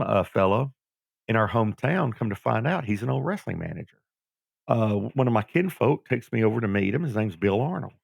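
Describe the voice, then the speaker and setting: A middle-aged man from Georgia, a guest telling his life story in an animated way, acting out what people said. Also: medium pitch, vocal fry, dry recording, clean studio sound. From Georgia, USA. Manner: animated storyteller who acts out quoted voices. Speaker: guest, former pro wrestler. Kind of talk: storytelling interview.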